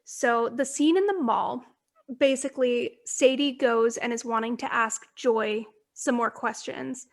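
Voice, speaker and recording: A woman's voice: fairly high pitch, a little slow, creaky. A young woman co-hosting a book podcast, chatting casually and gushing as she retells scenes with frequent laughs. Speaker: podcast co-host. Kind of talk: casual book-club chat.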